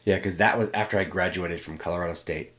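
A middle-aged man with a very deep, low voice, from Northern California. He talks reflectively in an interview, often pausing and restarting his thoughts. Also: steady tone, fairly bright tone.

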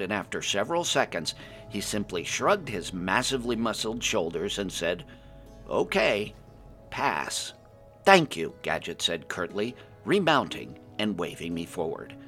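Deep-voiced male fantasy storyteller. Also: bright, forceful tone. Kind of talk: first-person fantasy story narration.

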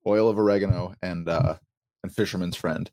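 A man hosts a podcast in a casual, talkative way, often breaking into small laughs as he explains. His voice sits on the low side. The recording is dry and close, with no room sound. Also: fairly even intonation, brisk, a little mellow, no room sound. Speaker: podcast host.

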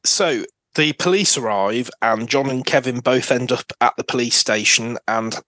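A man's voice: medium pitch, moderate pace, pushed and bright, no room sound. A British man with a mid-range voice chats as a podcast guest. He is eager, asks questions and piles on nerdy detail. The recording is dry, with no room sound. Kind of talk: casual chat about TV dramas.

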